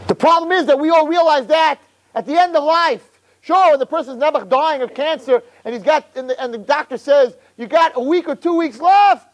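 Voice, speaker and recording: Man, high voice, fervent sermon to boys, rhetorical questions, drops low then shouts up high. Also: a little fast. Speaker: Torah teacher addressing boys. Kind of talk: impassioned sermon on the weekly portion.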